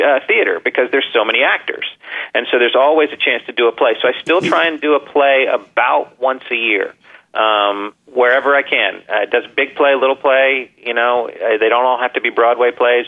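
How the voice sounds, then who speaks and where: An actor calling in as an interview guest, earnest and warm in word, often restarting his sentences. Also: mid-range voice. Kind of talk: casual phone interview. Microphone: telephone. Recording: tinny phone line.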